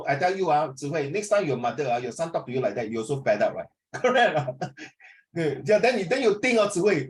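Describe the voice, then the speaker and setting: A middle-aged man teaches over a video call, chatty and teasing with his students. His voice sits on the higher side and swings widely in pitch. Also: big pitch swings, fast talker. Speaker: English tutor. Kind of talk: online class teaching.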